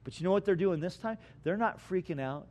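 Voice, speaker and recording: A man preaching a sermon as pastor, asking his congregation questions and swinging from hushed lines to loud bursts. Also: sits high, expressive, a little fast. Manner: preaching with dramatic swings between quiet and loud; asks the congregation rhetorical questions.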